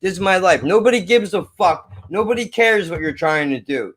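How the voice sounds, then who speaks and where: A man rants live to his stream, his voice pitched a touch high. He mutters and swears in exasperation, half to himself and half to the chat. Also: lively intonation, moderate pace, fairly bright tone. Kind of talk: frustrated off-the-cuff rant.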